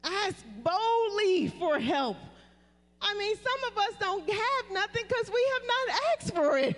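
A woman's voice: extremely high pitch, lively intonation, a little slow, fairly bright tone. A woman pastor preaching a sermon, calling on the congregation to repeat her words. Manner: preaching with call-and-response prompts to the congregation. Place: church sanctuary. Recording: live church recording with long reverb.

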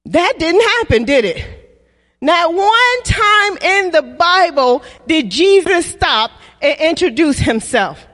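Animated high-voiced woman preaching in a hall. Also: slow pace. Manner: call-and-response, repeats lines for the congregation; acts out playful voices in quoted dialogue. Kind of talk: sermon. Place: church. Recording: long reverb of a church hall.

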